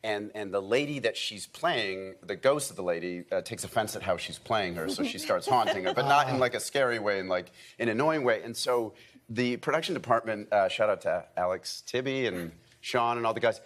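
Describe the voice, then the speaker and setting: A man's voice: fairly low pitch, a little fast, fairly bright tone. A man in his forties, an actor and director, telling self-deprecating stories in a morning TV studio interview. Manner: self-deprecating, laughing storyteller.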